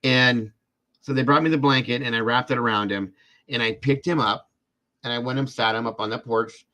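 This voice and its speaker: A man's voice: mid-range voice, fairly even intonation, normal speed, sharp tone. Rambling man telling a story to viewers. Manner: rambling, repeats himself with fillers like "this and that"; speaks directly to viewers in chat. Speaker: host of a live true-crime show. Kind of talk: casual storytelling on a livestream.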